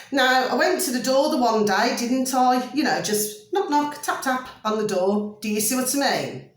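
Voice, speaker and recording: A woman's voice: fairly high pitch, echoey room. A woman telling a rambling, chatty story to her viewers, checking in with them again and again. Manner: chatty, rambling, many tag questions to viewers. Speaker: vlogger.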